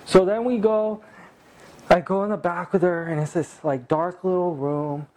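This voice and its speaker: A man from California telling a casual anecdote in a boastful, profane, animated way. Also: high-pitched, normal speed. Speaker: storyteller.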